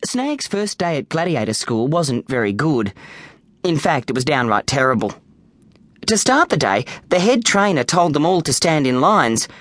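A man with an Australian accent narrating a children's storybook in a lively, playful way on a close studio mic. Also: a little high, moderate pace. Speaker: audiobook narrator.

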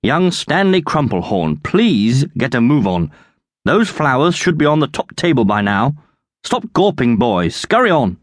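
A man voicing a stern, unflappable male butler in a children's audiobook, brisk, bossy and formal. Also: medium pitch, very animated, no room sound, studio quality, close to an everyday voice.

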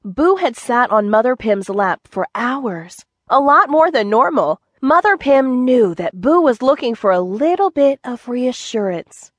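A woman narrating a children's book in a gentle, clear storytelling manner. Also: fairly high pitch, big pitch swings, unhurried, few pauses, no echo. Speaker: audiobook narrator.

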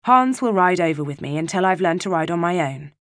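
A woman voicing a gentle, patient older sister, a girl nearing womanhood, in a storybook reading. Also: fairly low pitch, animated, a little fast, dry recording, studio quality. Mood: soothing. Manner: soothing and patient.

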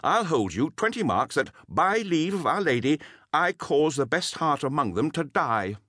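A man's voice: medium pitch, lively intonation, moderate pace, fairly bright tone, no room sound, studio quality, voice pushed up. A male audiobook narrator voicing a bold, proud young outlaw archer who speaks boastfully and defiantly. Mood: defiant boast. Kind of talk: audiobook character voice.

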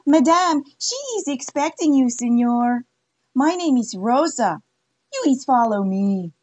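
A woman's voice: on the high side, lively intonation, measured pace, a little mellow, pitched above the performer's own voice. Woman doing a flirty Mexican brothel hostess. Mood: eager. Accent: put-on Spanish-accented English. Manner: broken English, eager.

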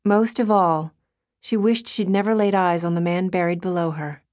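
A woman reading a novel aloud as an audiobook narrator, in a measured storytelling manner. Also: lowish voice, fairly even intonation, a little mellow. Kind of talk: scripted narration.

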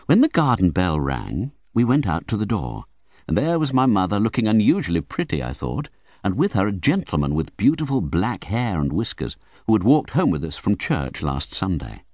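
Deep-voiced, animated male audiobook narrator. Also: no room sound. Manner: vivid, theatrical storytelling. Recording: dry close studio recording.

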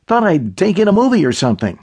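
An easygoing young man chatting casually, as a male narrator plays him. The voice sits a little high with a husky grain. It is an audiobook figure. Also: sing-song, fast, a little mellow, heavily acted. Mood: chatty.

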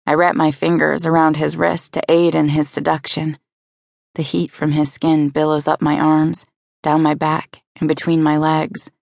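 A woman narrating a first-person romance audiobook in a measured, intimate reading style on a close studio mic. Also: low-pitched, creaky, no room sound.

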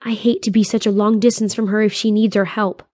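An eager young woman adventurer, voiced by the narrator, quick and earnest, in a plain warm reading voice. The recording is dry and close. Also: medium pitch, little pitch movement, no echo, lightly acted. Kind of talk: audiobook character voice.

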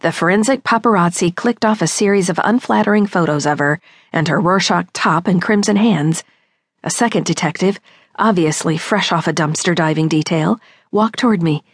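A woman's voice: lowish voice, normal speed, dry recording, clean studio sound. A woman narrating a comic mystery audiobook in the first person, with a wry, knowing storytelling manner.

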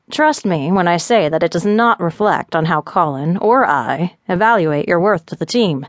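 A self-assured male lab boss speaks to his team in a measured, steady way, read by a woman narrating an audiobook. The voice sits low and even. It is recorded dry and close, with no room sound. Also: no echo, close to an everyday voice.

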